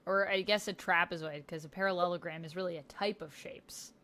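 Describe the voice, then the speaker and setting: A woman's voice: fairly low pitch, fairly even intonation, fairly quick, sharp tone. Woman hosting a game stream on a call, chatty, laughing a lot, lots of um and like. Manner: laughs often, trails off with fillers. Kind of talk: casual chat on a tabletop game stream.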